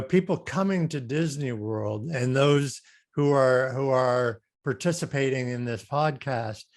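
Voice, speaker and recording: Earnest middle-aged man, interview guest. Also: mid-range voice. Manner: earnest, repeats and restarts words. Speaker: guest, customer service speaker. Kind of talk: casual interview chat.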